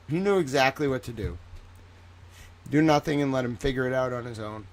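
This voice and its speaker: A man's voice: mid-range voice, normal speed, long pauses. Rambling, casual man on a livestream. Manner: rambling, reactive, swears freely. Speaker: livestream commentator.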